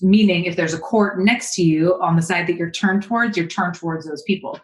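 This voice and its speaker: Woman from california, lowish voice, animated storyteller, roomy echo. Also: a little fast. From Berkeley, California. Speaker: guest, executive coach. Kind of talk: storytelling in a podcast interview.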